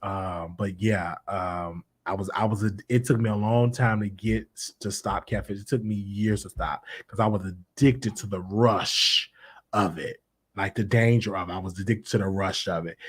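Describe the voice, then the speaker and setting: A man's voice: low voice, slightly rough. A man hosting a live call-in show, talking casually and animatedly, often restarting and repeating his phrases. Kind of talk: casual live-stream chat with callers.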